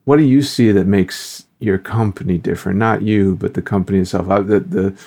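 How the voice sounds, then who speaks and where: Co-host, man, very low voice, fumbles and restarts his questions. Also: fairly even intonation, fairly quick, creaky, dark tone. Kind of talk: casual interview questions.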